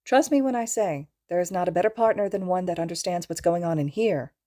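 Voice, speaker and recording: A woman reading aloud, voicing a brash, teasing middle-aged mother who talks loudly and gleefully. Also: fairly low pitch, fairly quick, natural voice. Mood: earnest. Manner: loud and gleeful.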